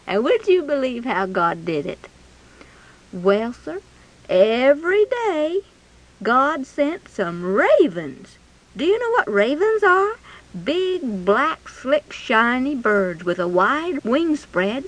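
A woman's voice: sits high, big pitch swings, takes it slowly, rough recording. A woman telling a Bible story in a folksy, chatty way, full of rhetorical questions.

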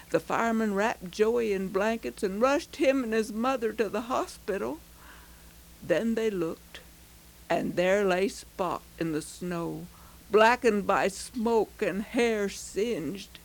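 A woman reading a heartfelt story aloud, slow and expressive. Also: on the high side, poor audio. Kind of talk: scripted story narration.

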